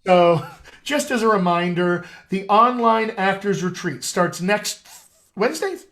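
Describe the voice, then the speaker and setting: A man's voice: high voice, animated, measured pace, fairly bright tone. A middle-aged man, a dialect coach, hosting a casual live-stream chat in an upbeat, salesy way and calling his viewers his friends.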